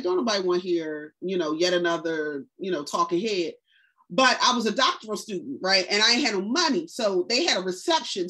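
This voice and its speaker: An author and educator in her forties tells stories casually during a book discussion, using loose, vernacular phrasing. She acts out the lines of the people she quotes with lively jumps in pitch.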